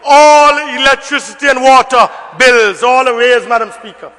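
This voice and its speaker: Guy giving a loud budget speech in parliament, real high voice, long chamber echo. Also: moderate pace. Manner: emphatic, repetitive oratory, rising to shouts. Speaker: member of parliament. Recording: long reverb of a debating chamber.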